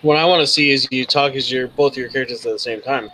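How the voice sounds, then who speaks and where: A man's voice: medium pitch, steady tone, fast, crowd noise, low-quality recording. A man acting as game master, chatting casually and easygoing during an online tabletop session.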